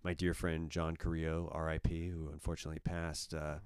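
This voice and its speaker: Speaking briskly in a very deep, smooth voice with a level tone, a comedy show organizer from Orange County, California, chats casually as a podcast guest. He rambles in a laid-back way, dropping "kinda" and "dude" constantly, and the studio-quality recording has no room sound.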